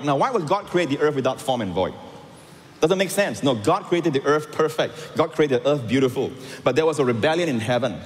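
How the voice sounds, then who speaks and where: A man preaching a sermon as pastor, animated with rising emphatic lines. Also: a little high. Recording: long hall reverb.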